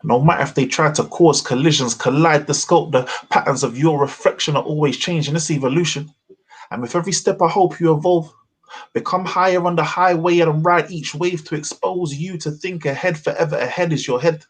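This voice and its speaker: Husky man performing spoken word. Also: a little high. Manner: measured rhythmic delivery with wordplay. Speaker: open mic poet. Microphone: video call.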